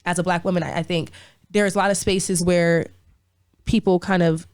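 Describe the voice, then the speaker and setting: A woman co-hosting a podcast, speaking earnestly and backing others up with steady agreement. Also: on the low side, moderate pace, dry recording. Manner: earnest, affirming listener. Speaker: podcast co-host. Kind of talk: casual chat.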